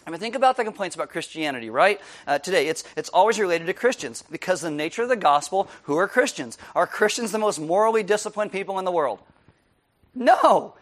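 A man preaching a sermon as pastor, animated, laughing often and asking his listeners "right?" again and again. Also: high voice, fairly quick.

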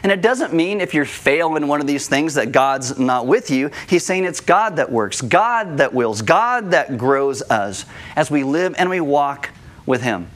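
A man delivers a sermon in a church room, his voice a bit higher than most men's. He speaks earnestly and turns animated when he tells a story, acting out the voices himself. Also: unhurried. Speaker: pastor.

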